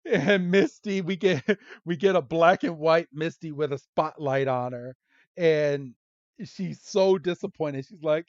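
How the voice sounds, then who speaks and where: A podcast host with a higher-pitched voice casually recaps a cartoon episode and drops into quick character quotes as he goes. The sound is dry and close, though the recording is muffled and lo-fi. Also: no echo. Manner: retells scenes with quick voiced quotes and laughs. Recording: dull lo-fi recording.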